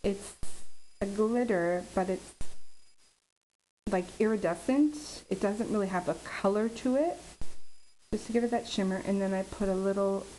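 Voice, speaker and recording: A woman talking casually as she shows and explains her handmade paper flowers, pausing often with ums. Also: medium pitch, dark tone, slight background noise, poor audio. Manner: chatty, halting with many ums. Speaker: craft vlogger. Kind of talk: casual craft tutorial.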